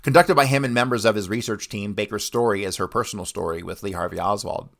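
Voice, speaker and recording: Host, male, lowish voice, reads history texts and then rants with plenty of swearing. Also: fast talker, creaky, a bit bright. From United States. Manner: blunt, swears often, rants between readings. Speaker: podcast host. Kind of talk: history commentary with read-out passages.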